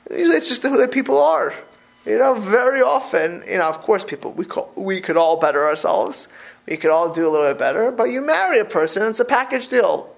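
A rabbi gives a loose, informal talk, his voice sitting high and edged with a gravelly fry. He rambles and restarts, repeats phrases and tumbles into animated anecdotes.

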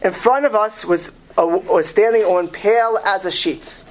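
A male lecturer with a high-sitting voice reads a story aloud to an audience as part of a lecture. He reads slowly and deliberately with emphasis, often tripping and restarting.

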